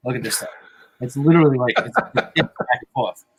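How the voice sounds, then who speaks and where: A man's voice: medium pitch, fairly quick, slightly rough. A man hosting a podcast in casual banter, rambling and profane, often mocking himself. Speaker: podcast host.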